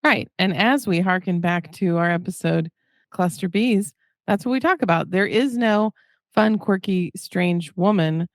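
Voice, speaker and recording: A woman co-hosting a podcast in casual chat, wry and quick to joke. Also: lowish voice, no echo, studio quality. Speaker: podcast co-host.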